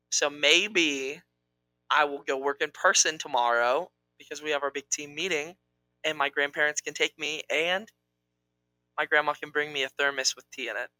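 A man chats casually as a podcast co-host, teasing his partner in a playful way. His voice is bright. The sound is dry and close, with no room echo. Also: on the high side, steady tone, moderate pace, clean tone. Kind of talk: casual chat.

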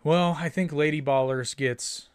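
A man's voice: on the high side, fairly even intonation, unhurried, smooth. A man co-hosting a podcast, rambling through a casual movie review and often quoting film lines. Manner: rambling, quotes movie lines in silly voices. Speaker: podcast co-host.

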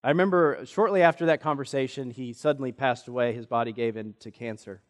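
Fast-talking and medium-pitched, this male pastor preaches from a church sanctuary, where long reverb trails his words. His sermon is an earnest personal story, and he quotes others in lively voices.

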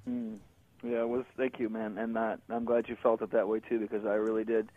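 Over a tinny phone line, a middle-aged musician talks as an interview guest in a gravelly, lowish voice at a brisk clip. He's laid-back and slangy, livening up whenever he cracks a joke.

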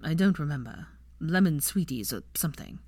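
A woman voicing an aloof young wizard with a dry, deadpan way of talking. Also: low voice, a little fast, no echo. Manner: drawling, deadpan, teasing.

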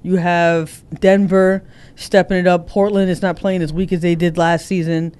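A man with a notably high, smooth and clear voice hosts a casual sports podcast. He keeps things easygoing, laughing often and steering the chat along. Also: flat delivery, normal speed, a little mellow. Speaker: podcast host.

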